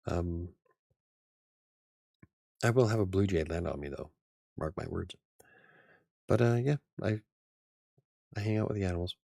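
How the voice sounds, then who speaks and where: A man's voice: low-pitched, measured pace, creaky, long pauses, dark tone, no room sound, clean studio sound. A man in his forties hosting a casual live stream, rambling and chuckling often. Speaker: channel host.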